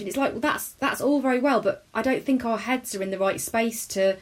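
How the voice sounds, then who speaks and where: A woman's voice: on the high side, brisk, few pauses. A woman, a character comedian chatting as a guest in an interview, rambling and self-deprecating. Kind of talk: casual interview chat.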